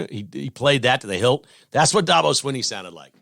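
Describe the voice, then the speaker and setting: A man's voice: medium pitch, lively intonation, fairly quick, creaky, a bit bright, no room sound, clean studio sound. A male sports talk host giving blunt, sarcastic opinions on the news of the week.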